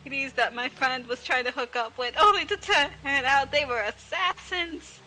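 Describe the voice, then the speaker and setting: A woman's voice: high voice, normal speed, bright, forceful tone, rough recording. A woman playing a tabletop game, rambling in character and sounding exasperated. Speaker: player. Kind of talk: in-character tabletop role-play.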